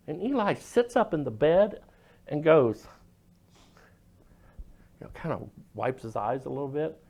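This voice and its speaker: A man preaching a sermon, telling the story dramatically and dropping to a hush at moments. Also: on the high side, expressive, a little slow, long pauses. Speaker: pastor.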